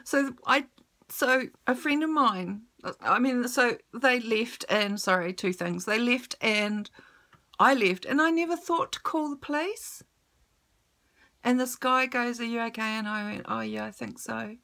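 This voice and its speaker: A woman recounts a personal story straight to camera, blunt and emotional, with plenty of swearing. She speaks slowly, and her voice sits a little high with a bright, forward edge.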